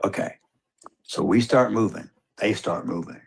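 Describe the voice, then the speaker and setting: Husky, low-voiced man telling a story. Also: measured pace. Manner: vivid storyteller who acts out exchanges. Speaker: father telling a hunting story. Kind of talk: recorded storytelling.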